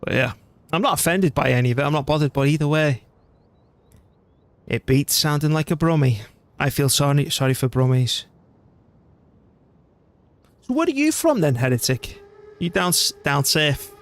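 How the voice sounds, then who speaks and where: A man's voice: fairly high pitch, normal speed, no echo. A man from North West England with a northern English accent, giving chatty, slangy, swear-prone commentary while streaming a strategy game. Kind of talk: casual gameplay commentary.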